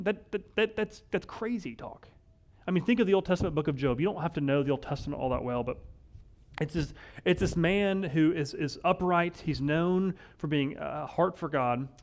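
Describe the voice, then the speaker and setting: A male pastor giving a conversational sermon, wry and animated, often acting out the lines of the people in the story. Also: fairly high pitch. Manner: conversational, wry, acts out quoted voices.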